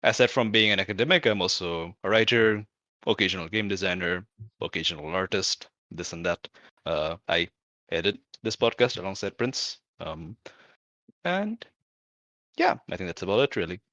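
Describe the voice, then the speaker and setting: Dry-witted Bangladeshi man, low voice. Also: animated, moderate pace, sharp tone, dry recording, highs cut off. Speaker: player, podcast editor. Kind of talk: casual self-introduction.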